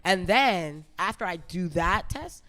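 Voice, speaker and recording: A woman's voice: fairly low pitch, measured pace, dry recording. A young woman from Canada, a musician, chatting playfully and animatedly as an interview guest. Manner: playful, animated, laughs often. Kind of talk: casual interview chat.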